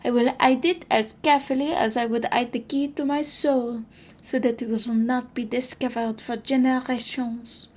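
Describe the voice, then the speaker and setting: A woman voicing a proud, troubled French queen reading from her journal, with a put-on French accent and a dramatic, measured delivery. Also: on the high side, fairly even intonation, a little mellow, lightly acted. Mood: regal, grave.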